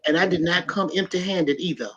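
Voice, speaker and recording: A middle-aged woman hosting a podcast, telling a story in an animated, emphatic way and talking straight to her listeners. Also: fairly low pitch, fairly quick, slightly rough. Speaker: podcast host. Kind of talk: casual storytelling chat. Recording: dull lo-fi sound.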